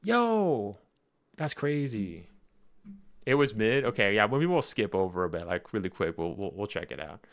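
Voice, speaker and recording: A man hosting a casual livestream, rambling and chatty, laughing often and jumping up in pitch when excited. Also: fast, creaky, hardly any pauses. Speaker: livestream host reacting to game footage.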